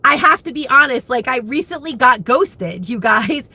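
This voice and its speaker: A woman's voice: high voice, lively intonation, normal speed, pushed and bright, breathy edge. A woman in her fifties chatting candidly to viewers in a rambling, emotional way. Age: 50s. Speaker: vlogger. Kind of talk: candid live chat.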